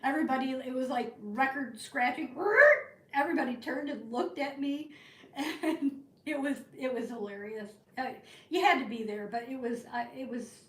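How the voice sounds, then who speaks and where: A woman telling a rambling story to her live chat from the northern United States, in an animated, chatty way. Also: fairly high pitch. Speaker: live-stream crafting host. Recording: roomy, from a distance.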